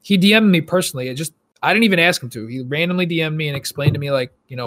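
A man co-hosting a gaming podcast, chatting casually and telling stories with animated asides. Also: a little high, racing, hardly any pauses, slight background noise. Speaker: podcast co-host.

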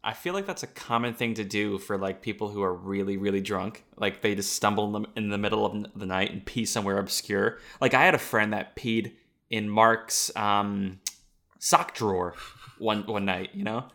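A young man in his twenties with a fairly low voice and a bright, tense edge to it. He co-hosts a podcast, firing off crude jokes and teasing banter in loose, casual chat. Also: fairly even intonation, moderate pace, creaky. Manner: profane, joking banter. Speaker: podcast co-host.

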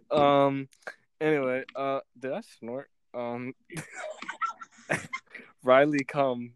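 A man's voice: mid-range voice, fairly even intonation, slow, long pauses, slight background noise. A young man hosting a podcast in a rambling, giggly casual chat, swearing freely. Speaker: podcast host.

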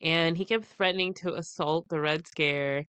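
Bright, animated woman telling a story. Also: sits low, normal speed, smooth, no echo. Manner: animated retelling with quoted dialogue and frequent laughs. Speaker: podcast co-host. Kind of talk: casual chat, storytelling.

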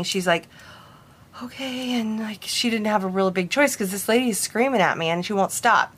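A young woman who works with brides casually telling a story about a spirit, animated and full of "like" fillers. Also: mid-range voice. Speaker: bridal stylist and medium.

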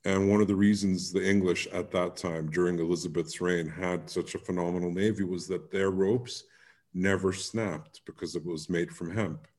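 A man co-hosting a podcast, recounting a story in a relaxed, anecdotal way during casual chat. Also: deep voice, normal speed. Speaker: podcast co-host.

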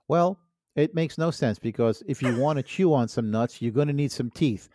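A man's voice: medium pitch, normal speed, warm tone, no room sound, studio quality. A man co-hosting a comedy podcast, trading jokes with sly innuendo and mock offense. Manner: wisecracking, innuendo-prone, playfully mock-offended. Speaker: podcast co-host. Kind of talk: joking banter.

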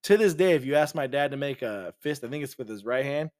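A man's voice: mid-range voice, quick pace. A man co-hosting a podcast, telling a rowdy story in casual chat, swearing freely and acting out the voices of the people in it. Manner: animated storyteller, swears a lot, acts out voices. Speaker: podcast co-host.

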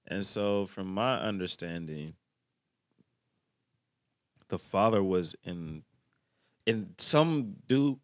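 A man giving slangy, reflective casual reaction commentary, often clearing his throat. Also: low-pitched, animated, takes it slowly, pauses often, no echo, studio quality.

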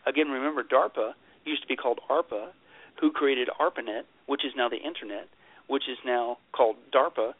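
This guest pastor has a mid-range, slightly breathy voice and talks a little fast. In an animated interview, he tells stories emphatically and jokingly, repeating his punchlines. The audio is narrow and tinny, with no room sound.

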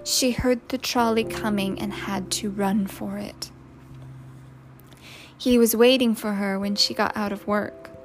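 A woman reading a novel aloud in measured, unhurried narration. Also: medium pitch, steady tone, a little hiss or hum. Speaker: audiobook narrator. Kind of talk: scripted narration. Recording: loud music under the narration.

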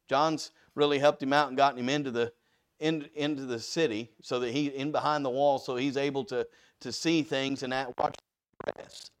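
A man preaching a conversational sermon, animated and full of rhetorical questions to his listeners. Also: mid-range voice, smooth.

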